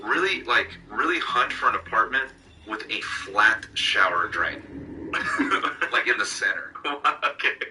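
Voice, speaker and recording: A man's voice: on the low side, lively intonation, measured pace, noisy background. A young man streaming a game, cracking crude jokes and laughing constantly in casual chat. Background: game music.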